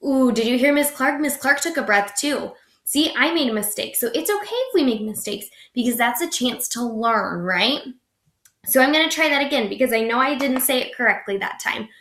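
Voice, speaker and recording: A young woman teaching young children a phonics lesson, slow and encouraging, stretching out each sound. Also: fairly high pitch, animated, a bit bright, reverberant.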